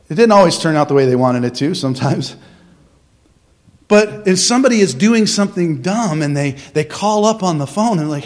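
A man preaching a sermon as pastor, emphatic, with rhetorical questions, swinging from loud to hushed. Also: fairly high pitch.

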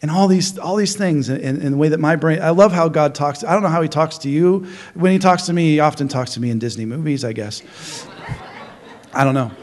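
Pastor guy preaching, high voice, animated, keeps restarting sentences and doing crowd voices. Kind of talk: sermon.

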